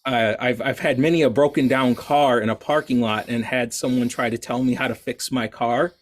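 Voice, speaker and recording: A man's voice: medium pitch, steady tone, normal speed. Self-deprecating man chatting casually. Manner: self-deprecating, rambling with restarts and laughs. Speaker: guest artist. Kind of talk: casual podcast interview.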